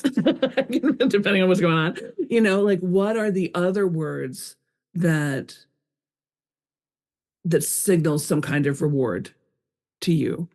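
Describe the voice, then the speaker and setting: A woman's voice: lowish voice, slow pace, pauses often, a little mellow. A woman guest on a podcast, an author, talking candidly and expressively, acting out her own thoughts in quoted asides. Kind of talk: conversational interview.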